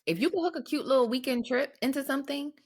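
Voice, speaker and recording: A woman's voice: high voice, fast, gravelly, a little hiss or hum. A woman co-hosting a casual chat podcast, blunt and emphatic and swearing for emphasis. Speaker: podcast co-host.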